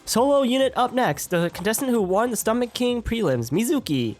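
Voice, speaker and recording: A man reading out a game's tournament announcer introducing contestants, a little brighter and higher than his own talk. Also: lively intonation, a little fast, faint music behind. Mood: hyped.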